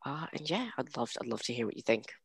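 A man's voice: medium pitch, fast, vocal fry, slightly rough, no room sound. A young man chatting casually, telling a story and acting out quotes with lots of fillers. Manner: animated, acts out quotes, many fillers.

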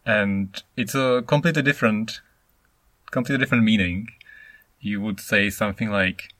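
Guy in his 30s from czechia, non-native, rambles on his own podcast, lowish voice, dry close mic. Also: moderate pace, no echo. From Czech Republic. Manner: rambling, animated, acts out intonations. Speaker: podcast host. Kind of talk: solo podcast monologue.

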